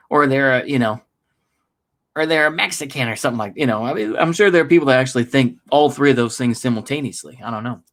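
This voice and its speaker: A man's voice: mid-range voice, fast talker, a bit bright. Rambling self-deprecating American man. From United States. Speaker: political vlogger. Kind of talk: casual rambling monologue.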